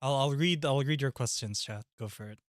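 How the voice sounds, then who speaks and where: A male streamer chatting casually to viewers on a live stream, excitable and loud, swearing and laughing often. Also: mid-range voice, brisk, no echo, clean studio sound.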